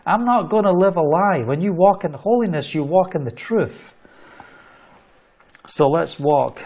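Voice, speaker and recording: Fervent middle-aged preacher, slightly high voice. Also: male voice, lively intonation, measured pace, long pauses, darkish tone, a little hiss or hum. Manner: fervent, storytelling, repeats phrases for emphasis. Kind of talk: livestreamed sermon.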